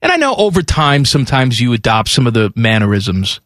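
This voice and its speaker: A male radio host telling a story in a lively, animated way. His voice is bright and forceful, and it swings widely in pitch. The studio sound is dry and close. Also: fairly quick, dry recording. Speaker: radio sports talk host. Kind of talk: casual radio banter.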